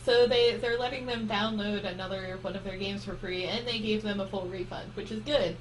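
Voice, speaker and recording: A woman's voice: medium pitch, fairly even intonation, moderate pace, hardly any pauses, slight background noise, poor audio. Chatty woman podcast co-host. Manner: chatty, swears casually. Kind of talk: casual chat.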